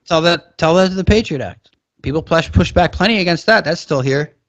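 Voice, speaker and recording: A young man co-hosting a podcast, talking in casual political banter, animated and ranting, with mock quotes. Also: a little fast. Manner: animated, rants with rising pitch and mock quotes. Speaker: podcast co-host.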